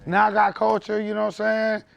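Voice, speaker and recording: A man speaking as a podcast guest, telling his story in loud, animated, candid conversation and swearing freely. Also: sits high, fairly quick, gravelly, lo-fi sound.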